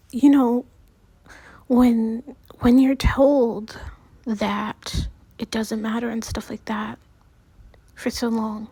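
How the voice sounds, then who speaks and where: A woman talking in a personal video diary with a small, soft voice that often drops near a whisper, halting and restarting as she speaks. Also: on the high side, husky, dry recording. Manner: halting, with many pauses and restarts. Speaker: vlogger.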